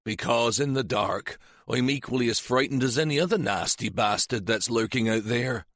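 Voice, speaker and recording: A man's voice: medium pitch, normal speed, a bit bright, no echo, studio quality, close to an everyday voice. A man voicing a shrewd, sly older police sergeant, teasing and relishing menace.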